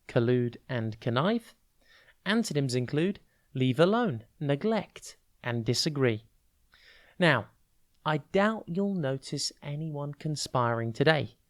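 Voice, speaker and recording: A podcast host, delivering a scripted educational vocabulary lesson in a clear, measured teaching manner. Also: medium pitch, dry recording, studio quality.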